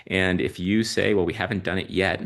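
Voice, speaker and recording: A man speaking as a podcast guest and parent, telling stories in a reflective, halting way with many ums and uhs. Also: low voice, fairly even intonation, creaky, a bit bright. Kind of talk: reflective conversational storytelling.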